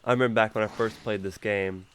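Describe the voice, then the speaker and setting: A man's voice: lowish voice, steady tone, quick pace, a bit bright, a little hiss or hum. A man giving casual, rambling gameplay commentary as a gaming YouTuber. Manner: rambling, loose, laughs easily.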